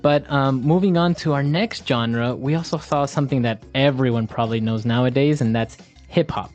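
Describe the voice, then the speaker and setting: A man's voice: mid-range voice, normal speed, a little mellow, dull audio, faint music behind. A man hosting a language lesson, chatting casually, asking questions and laughing easily. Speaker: host.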